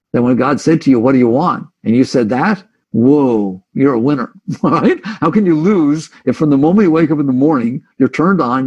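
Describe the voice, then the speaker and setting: A spiritual teacher with a gravelly, faintly husky, mid-range voice that leans a little mellow delivers a reflective talk in a conversational style. He frequently drifts into speaking his listeners' inner thoughts aloud. The audio is dull and lo-fi.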